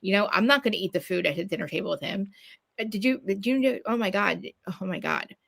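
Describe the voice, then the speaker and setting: A woman hosting a casual gossip chat, talking in a profane, animated way and acting out the quotes she tells. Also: mid-range voice, fast, gravelly. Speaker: podcast host. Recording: dry home streaming mic.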